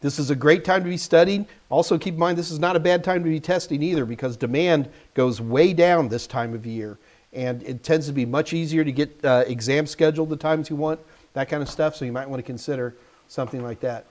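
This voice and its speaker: A man's voice: a little high, fairly quick, darkish tone. A man hosting a live stream, answering viewers' tech questions in a casual, joking way and talking straight to the chat.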